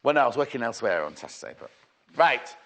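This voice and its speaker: A man's voice: mid-range voice, very animated, fast talker, a bit bright, slight background noise. A man presenting fabric on a live shopping channel, chatty and bubbly with rambling asides and a slightly sore throat. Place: TV studio.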